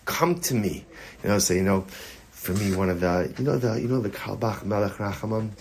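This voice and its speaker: A man, a rabbi, giving a Torah class to students, repeating his key lines and swinging between raised emphasis and quiet, low storytelling. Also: a little fast, slight background noise. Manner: animated teaching, repeating key lines, rising for emphasis, dropping low for stories; sings short snatches of a melody.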